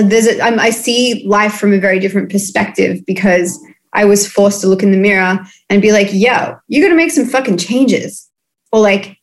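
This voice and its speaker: A woman in her thirties from Australia, a musician guest on a video call, talking candidly and casually with many fillers and restarts. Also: medium pitch. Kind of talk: candid interview chat.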